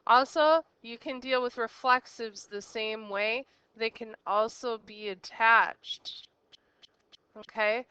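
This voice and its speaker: A woman's voice: a little high, steady tone, slow pace, bright, forceful tone, smooth, no room sound, muffled recording. A woman as a teacher giving a recorded grammar lesson, explaining step by step and quizzing the listener with questions. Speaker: Spanish teacher.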